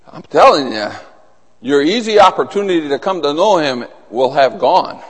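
A man preaching a sermon to a small group, husky and losing his voice, earnest and building to urgent emphasis. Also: high voice, a bit bright. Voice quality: husky, throat-clearing. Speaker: pastor. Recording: long hall reverb.

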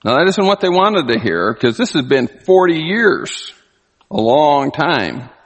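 A man preaching a sermon, animated, often acting out the people he quotes. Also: fairly high pitch, unhurried. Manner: animated, acts out quoted voices. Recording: long hall reverb.

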